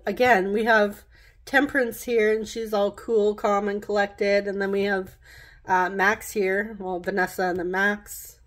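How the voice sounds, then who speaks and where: A woman talks through a pick-a-card tarot reading in a casual, rambling way. She laughs at her own slips and keeps the tone chatty as she goes from card to card. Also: medium pitch.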